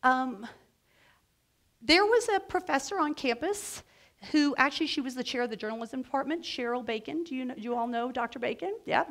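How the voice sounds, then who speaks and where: A middle-aged woman and agency founder telling a personal story to students in an animated, lively way, often laughing. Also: high-pitched, fairly quick. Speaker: guest speaker, agency founder and executive. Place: lecture event before a student audience.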